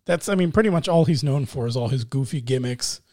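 A man's voice: medium pitch, lively intonation, a little fast, dark tone, no echo, clean studio sound. A man hosting a wrestling podcast in easygoing, teasing casual chat, laughing often. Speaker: podcast host.

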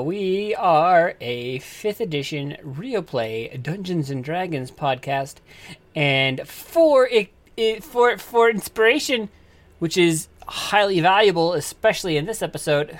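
A woman hosting as game master of a tabletop game podcast, narrating in a casual, halting way. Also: on the low side, animated.

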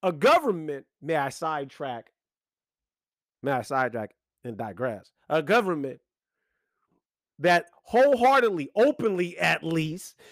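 Casting: a high-voiced man who swings his pitch widely, speaking in a profane rant, close and dry. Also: measured pace, pauses often, no echo. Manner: animated, profane, ranting with emphatic repetition. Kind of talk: profane monologue.

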